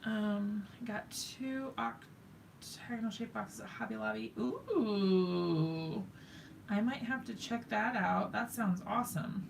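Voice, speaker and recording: A woman's voice: medium pitch, takes it slowly, gravelly, slight background noise. A woman hosting a live crafting stream, chatting with viewers and thinking aloud as she works, often joking at her own expense. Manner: talks to viewers while working, thinks aloud, self-mocking.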